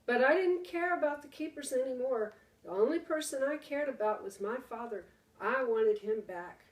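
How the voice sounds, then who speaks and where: A woman teacher reading a storybook aloud to her class, slow and dramatic, with hushed pauses. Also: sits high, animated. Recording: roomy, distant mic.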